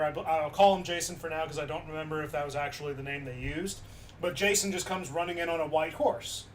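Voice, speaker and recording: High-voiced man chatting on a stream. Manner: animated, loose with many fillers. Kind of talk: casual chat retelling a story. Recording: distant mic with faint background noise.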